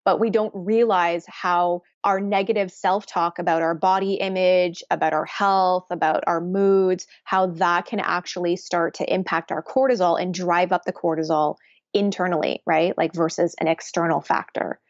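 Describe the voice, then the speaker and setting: Woman nutrition coach on a podcast, kinda low voice, muffled dry audio, explains things earnestly. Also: fairly even intonation, normal speed, no room sound. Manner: earnest, explanatory, repeats "right?" and "like". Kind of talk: podcast interview conversation.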